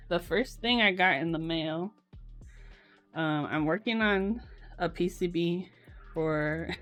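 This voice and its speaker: A woman streaming from home, talking in a relaxed, unhurried way and giggling often between remarks. Her voice sits a little low for a woman, with faint music playing behind her. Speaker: live streamer. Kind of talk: casual live-stream chat.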